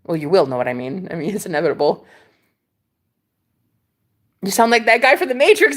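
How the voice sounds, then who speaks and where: A woman's voice: mid-range voice, animated, a little fast, long pauses, a bit bright. A woman vlogger chatting casually with her live viewers, telling stories dramatically and swearing freely. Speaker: vlogger talking to live chat. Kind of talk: casual livestream chat.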